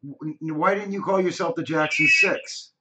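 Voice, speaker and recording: A man hosting a live call-in stream, talking in a calm, agreeable, measured way. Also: fairly high pitch, slight background noise. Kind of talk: casual call-in chat.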